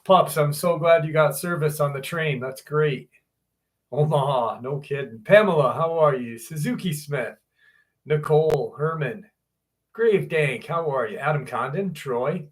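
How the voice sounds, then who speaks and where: A man's voice: medium pitch, a bit bright. A man hosting a live stream, chatting casually and greeting viewers one by one in a laid-back way.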